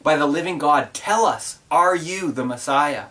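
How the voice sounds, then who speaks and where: A man voicing a domineering high priest who demands answers. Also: unhurried, recorded from a distance. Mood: demanding. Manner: demanding, shouting.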